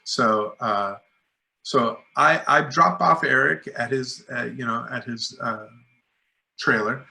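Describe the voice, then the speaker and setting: A middle-aged man, a filmmaker guest, telling lively anecdotes in a casual interview and acting out what people said, with many "like"s and "you know"s. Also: medium pitch, takes it slowly, vocal fry.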